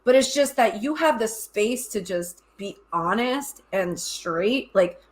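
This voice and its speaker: A woman's voice: mid-range voice, lively intonation, slow. A woman co-hosting a casual podcast chat, talking candidly and animatedly, laughing often and swearing now and then. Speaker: podcast co-host. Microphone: headset earbuds.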